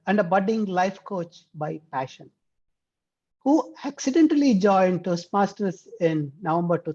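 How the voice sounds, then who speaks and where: A woman's voice: mid-range voice, mellow. A woman hosting a club meeting, reading a formal, prepared introduction of the next speaker. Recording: dull lo-fi video call audio.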